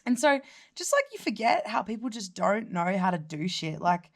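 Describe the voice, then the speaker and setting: A woman's voice: medium pitch, normal speed. A young Australian woman vlogger telling a story in casual chat, swearing and acting out what others said. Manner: animated, sweary, quotes people in other voices.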